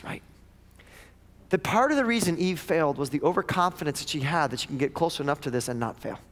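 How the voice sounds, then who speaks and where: A male pastor preaching a sermon to his church, emphatic and asking question after question. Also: a little high. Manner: emphatic, repeats questions, acts out voices he quotes. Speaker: lead pastor. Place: church sanctuary. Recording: long reverb of a church hall.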